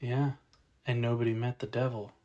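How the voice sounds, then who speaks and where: A man's voice: mid-range voice, level tone, normal speed, warm tone, lo-fi sound. Joking man co-hosting a podcast. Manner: joking, rambling, apologetic. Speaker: podcast co-host. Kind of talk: casual chat.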